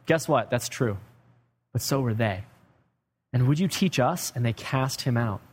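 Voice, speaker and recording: A man preaching a sermon as pastor, swinging from loud emphatic declarations to quiet, low asides. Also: a little slow, breathy edge. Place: church sanctuary. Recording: long hall reverb.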